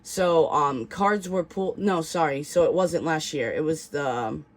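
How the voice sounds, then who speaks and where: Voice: medium pitch, measured pace. A casual tarot reader who rambles, backtracking and filling gaps with "um" and "like." The talk is slangy and loose, with a swear word here and there and a mid-range voice. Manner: rambling, filler-heavy storytelling with many restarts. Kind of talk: casual tarot reading video.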